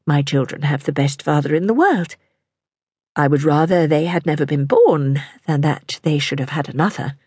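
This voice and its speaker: A woman's voice: fairly high pitch, flat delivery, measured pace, few pauses, warm tone, breathy edge, no echo, studio quality, voice pushed up, full character voice. A woman voicing a pleading, anxious mistress. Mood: calm. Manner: raised, imploring and tremulous.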